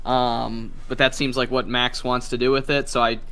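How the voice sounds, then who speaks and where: A man's voice: mid-range voice, flat delivery, normal speed, a bit bright, clean tone. A man speaking as a guest on a casual podcast, loose and profane, rambling through his points.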